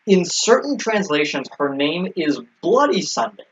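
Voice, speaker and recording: A man's voice: high voice, big pitch swings, measured pace. A man co-hosting a casual recap chat, explaining things with many ums and restarts. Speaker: podcast co-host. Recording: dull lo-fi recording.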